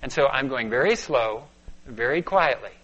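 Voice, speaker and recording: A male preacher telling a personal story in a sermon, dropping to a hush and rising to urgent bursts. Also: mid-range voice, expressive, moderate pace. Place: church sanctuary. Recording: dull lo-fi sound.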